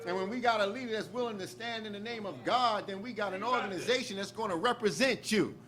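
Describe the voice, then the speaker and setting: A man giving a mosque lecture in a colloquial preacher's way, building to loud emphatic peaks. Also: high-pitched, fast, crowd noise. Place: mosque hall.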